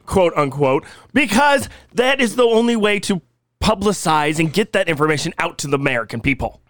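Male podcast co-host, deadpan teaser, lively pitch. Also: fairly quick, no echo, clean studio sound. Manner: teasing, mock-serious, deadpan delivery of absurd claims. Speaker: podcast co-host presenting conspiracy theories. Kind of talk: casual comedic podcast chat.

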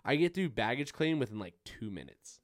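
A man's voice: medium pitch, brisk, no echo, studio quality. Swearing young man telling a story. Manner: profane, animated storytelling. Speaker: podcast host. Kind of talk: casual chat.

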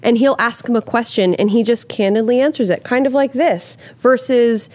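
A woman actress answering interview questions candidly, animated, acting out quoted voices and swearing casually. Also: on the high side, moderate pace.

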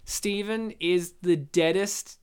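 A woman's voice: lowish voice, takes it slowly, a little mellow, clear, resonant tone. A woman hosting a casual movie-review chat, laughing often and telling stories with animation. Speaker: podcast host reviewing a movie.

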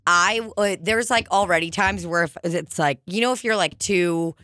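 A woman with a fairly low voice chatting loosely, her sentences rambling through fillers and laughter. She sounds close to the mic in a dry space. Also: normal speed, a bit bright, no room sound. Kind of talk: casual chat.

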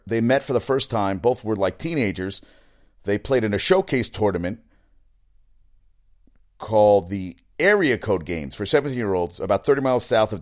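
A middle-aged man talks sports on his podcast in a slightly low voice. He rambles from topic to topic, swearing freely and getting riled up as he rants. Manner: rambling, profane, riled-up ranting. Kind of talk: casual sports talk monologue.

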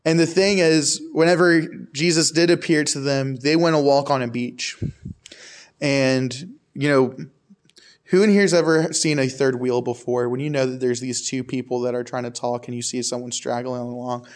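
A man's voice: medium pitch, steady tone, moderate pace. A young man preaching a casual, conversational sermon to a youth group, with frequent asides to the crowd. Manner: casual, repetitive "I can tell you" asides to the crowd.

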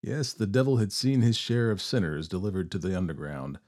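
A man narrating a story in a steady, expressive reading voice. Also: deep voice, a little fast.

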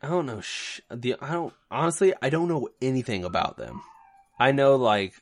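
A man's voice: mid-range voice, animated, moderate pace, dry recording. A man co-hosting a podcast in casual chat, joking loosely with many restarts and fillers. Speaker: podcast co-host.

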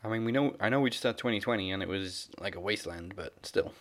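A man with a fairly low voice recaps wrestling matches in a casual chat. His delivery is dry, and he laughs easily at his co-host's rants. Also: quick pace, a bit bright. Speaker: wrestling podcast co-host.

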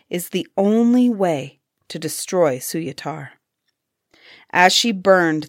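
A woman reading a fairy tale aloud in a deliberate, expressive manner. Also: fairly low pitch, no echo, clean studio sound. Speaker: storyteller. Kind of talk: storybook reading.

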